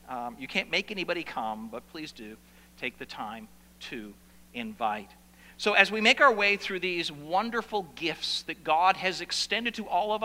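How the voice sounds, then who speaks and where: Animated high-voiced pastor in a reverberant hall. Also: male voice. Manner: animated, drawn-out emphatic delivery with pauses. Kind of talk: sermon.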